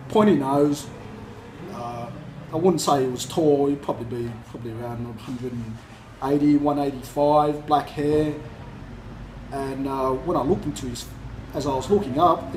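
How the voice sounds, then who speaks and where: Aussie guy telling his story, mid pitch, roomy echo, mic kinda far, noisy bg. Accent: Australian. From Australia. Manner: animated retelling, acts out quoted voices. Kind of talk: casual storytelling.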